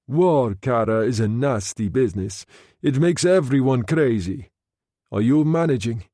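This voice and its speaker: A man's voice: mid-range voice, animated, unhurried, warm tone, dry recording, clean studio sound. A man voicing a bold, charming Italian man in the water, jaunty and teasing in manner. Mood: reassuring.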